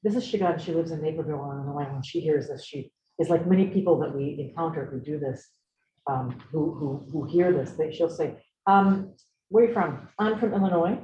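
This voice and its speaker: Low-pitched and mellow at a normal speed, this middle-aged woman's voice carries a little hiss or hum in a roomy, slightly dull recording. As seminar leader, she speaks conversationally and reflectively, drawing students in with questions.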